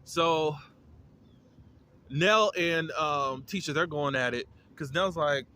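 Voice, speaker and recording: Bright-voiced man recapping a show. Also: fairly high pitch, slow, a little hiss or hum. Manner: chatty, opinionated, frequent fillers and restarts. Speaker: reality TV reviewer. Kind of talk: casual episode recap and commentary.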